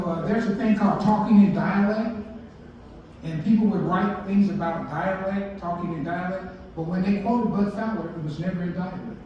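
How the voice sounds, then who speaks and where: A man's voice: sits high, slight background noise. A man in his sixties, a baseball historian giving a folksy storytelling talk and asking his audience questions. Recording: echoey hall, distant mic, muffled.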